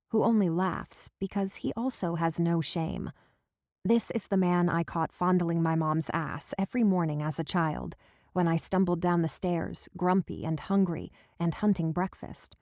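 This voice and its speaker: A woman narrating a first-person romance audiobook in a lively, expressive, comic manner, recorded close in a studio booth. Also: fairly low pitch, dry recording. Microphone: close studio mic.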